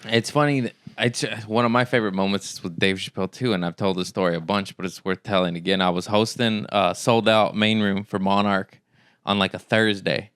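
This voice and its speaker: A man with a lowish, smooth voice, recorded dry and close. He hosts a comedy podcast and tells his stories in an easy, unhurried way. He laughs along with his guest. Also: fairly even intonation, a bit bright, no room sound. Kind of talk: casual podcast chat.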